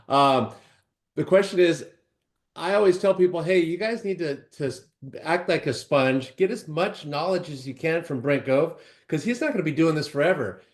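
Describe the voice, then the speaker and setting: A man's voice: on the high side, expressive, moderate pace. A man on a video call asking an earnest question, often repeating words as he talks. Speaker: real estate agent asking a question.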